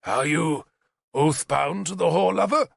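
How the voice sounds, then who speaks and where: A man's voice: on the high side, measured pace, gravelly, dry recording, clean studio sound, voice pushed up, heavily acted. Man doing a raging one-armed warlord king, Gorfethid. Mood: furious. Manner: shouting, snarling threats.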